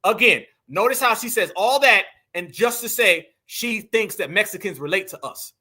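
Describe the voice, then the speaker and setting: High-voiced Southern US man with sharp delivery. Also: expressive, normal speed, slightly rough. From Southern United States. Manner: scornful, preachy, addresses viewers as family. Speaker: commentary channel host. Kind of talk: reaction commentary.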